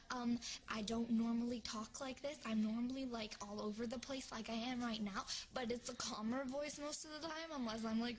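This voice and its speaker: A young woman rambling in a webcam vlog, giggly and scattered, swinging between whispers and shouts. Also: sits high, low-quality recording. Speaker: vlogger.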